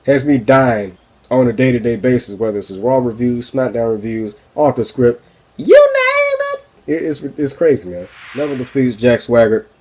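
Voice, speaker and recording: A man's voice: medium pitch, brisk, a little mellow. A man hosting a wrestling review podcast, ranting casually and profanely with frequent laughs. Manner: profane, exasperated, laughs often.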